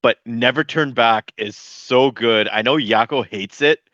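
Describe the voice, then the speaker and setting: A man's voice: mid-range voice, measured pace, fairly bright tone, dry recording. A man co-hosting a podcast in casual chat, eagerly chiming in and agreeing with the others. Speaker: podcast co-host. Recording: dull lo-fi mic sound.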